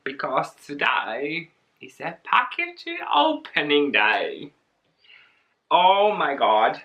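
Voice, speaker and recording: A bright, animated woman with a low-set voice opens a package for her vlog. She gushes and giggles as she goes and talks slowly. Her tone is light and eager throughout. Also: muffled recording. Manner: excitable, giggly, gushing. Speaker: plant vlogger. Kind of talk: casual unboxing vlog.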